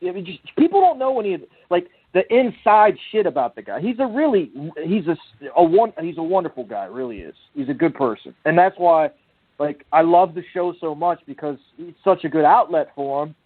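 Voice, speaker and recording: A man's voice: fairly high pitch, lively intonation, brisk, slightly rough, dry recording. Man talking earnestly over a tinny line. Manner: profane, rambling, earnest. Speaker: podcast co-host. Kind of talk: casual chat. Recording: tinny phone-line audio.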